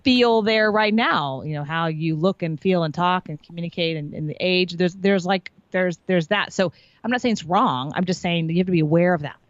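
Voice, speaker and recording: A woman's voice: fairly low pitch, a little fast, hardly any pauses, no room sound, muffled recording. A woman sales and marketing coach telling her story in an interview, bubbly and emphatic, acting out what others said.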